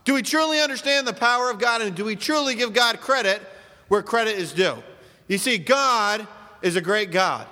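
A man preaches with a high, bright voice, pressing his point through one rhetorical question after another. His delivery is emphatic and driving. The sound carries the long reverb of a large hall. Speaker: pastor. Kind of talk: sermon.

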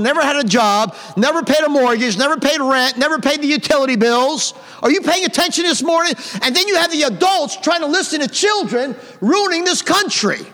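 A man's voice: very high voice, a bit bright, long reverb tail. A middle-aged male pastor preaching a blunt, scolding sermon full of rhetorical questions, in a church sanctuary. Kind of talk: fiery sermon.

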